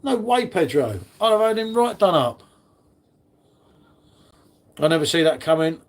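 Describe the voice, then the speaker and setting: A man's voice: a little high, very animated, measured pace. A man hosting a casual live stream, chatting with viewers in the chat by name. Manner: chatty, matey, talks to chat readers by name.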